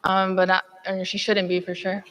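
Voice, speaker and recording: A woman's voice: mid-range voice, monotone, moderate pace, fairly bright tone, rough recording. A female fighter answering at a press conference with matter-of-fact confidence.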